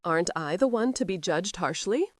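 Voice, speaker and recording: A woman's voice: lowish voice, animated, normal speed, no echo. A woman voicing a stern young male earl who gives hard, clipped commands. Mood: exasperated.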